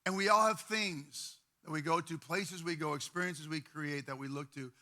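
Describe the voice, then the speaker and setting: A man preaching a sermon as pastor, talking in a conversational, animated way with repeated words. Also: on the high side, moderate pace.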